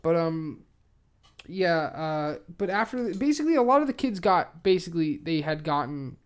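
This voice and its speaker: Young woman co-host, lowish voice, profane, rambling chat, quick to laugh. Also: very animated. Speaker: podcast co-host. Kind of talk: casual true-crime chat.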